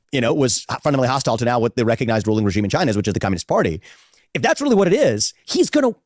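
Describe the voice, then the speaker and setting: Rapid-fire man pitching his policy plan. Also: a little mellow, no room sound, clean studio sound. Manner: rapid, confident, lays out plans in fast run-on sentences. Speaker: presidential candidate. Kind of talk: interview answer on policy.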